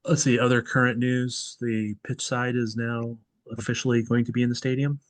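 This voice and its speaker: A man's voice: mid-range voice, level tone, normal speed, no room sound. A man hosting a soccer podcast in casual chat, thinking aloud and correcting himself as he goes. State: tired. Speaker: podcast host.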